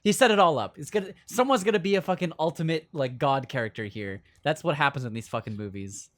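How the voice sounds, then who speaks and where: A man with a slightly high voice chats loosely through a movie commentary, drifting off into tangents and half-remembered quotes. His voice sounds close and dry. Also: lively intonation, quick pace, no echo. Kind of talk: casual movie commentary chat.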